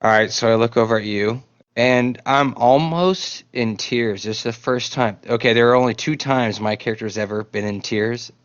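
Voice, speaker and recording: A man playing in a tabletop game, talking excitedly and swearing freely in casual chat. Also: on the low side, fairly quick, hardly any pauses, no echo. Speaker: player. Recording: dull lo-fi audio.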